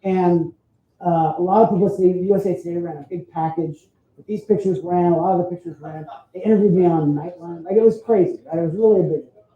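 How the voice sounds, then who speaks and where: A man's voice: high voice, steady tone, quick pace. A man photographer giving a chatty storytelling talk at an expo, often adding "right?" to his points. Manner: chatty, frequent "right?" tag questions. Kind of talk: storytelling presentation. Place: expo hall stage. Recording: roomy, dull sound.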